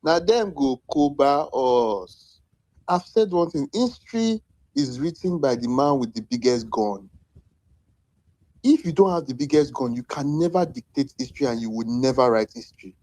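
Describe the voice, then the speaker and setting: A man's voice: medium pitch, darkish tone, no room sound. A man with a Nigerian accent in a heated online debate, lecturing with profanity and mocking his opponents in sing-song quotes.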